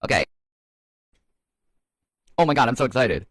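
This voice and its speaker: A man co-hosting a casual chat, talking in an excitable, conspiratorial way. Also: medium pitch, moderate pace, no room sound. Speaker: podcast co-host.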